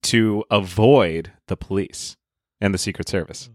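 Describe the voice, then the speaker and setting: A man co-hosting a podcast in casual comedy chat, deliberate with a dry humor. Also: lowish voice, no echo. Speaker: podcast co-host.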